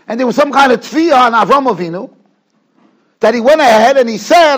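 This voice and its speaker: Rabbi with an unusually high voice, teaching in a study hall; animated, story-driven delivery. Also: male voice. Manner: animated storyteller, quick asides. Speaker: rabbi giving a lecture. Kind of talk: Torah lecture to students.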